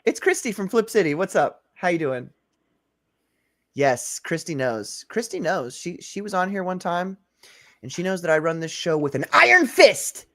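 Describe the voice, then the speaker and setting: A man's voice: sits high, very animated, normal speed, pushed and bright. A man hosting a casual livestream chat, joking, laughing often and reading viewer comments aloud. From Maryland. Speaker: host.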